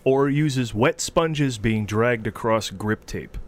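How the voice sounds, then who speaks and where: A man's voice: medium pitch, slow. A man co-hosting a casual podcast, reading out film trivia with playful asides.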